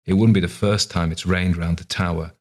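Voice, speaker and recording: A man's voice: low-pitched, fairly even intonation, fairly quick. A man voicing a strange, dreamy old woman in a tower who talks cryptically, half to herself, in an audiobook reading. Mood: cryptic.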